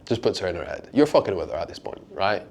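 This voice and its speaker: A man's voice: sing-song, quick pace, darkish tone. A young man, a dating coach, giving a casual, profane seminar talk to a small group and acting out lines in a raised voice. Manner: casual, profane, acts out lines with pitch jumps.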